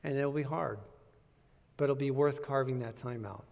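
A man's voice: medium pitch, moderate pace, vocal fry, a little mellow, lo-fi sound. A male pastor preaching a sermon in an earnest, conversational way, repeating key points for emphasis. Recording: long reverb of a large hall.

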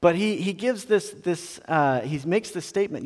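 A man preaching a sermon in a conversational, animated way, often restarting phrases. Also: sits high, moderate pace. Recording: long reverb of a large room.

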